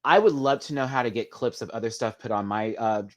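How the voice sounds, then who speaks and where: Male live-chat host, casual gossipy commentary, animated and talkative, ordinary mid-range voice. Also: a little fast. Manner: chatty, gossipy, big swings in pitch and loudness; addresses viewers as "girl" and "y'all". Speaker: livestream host.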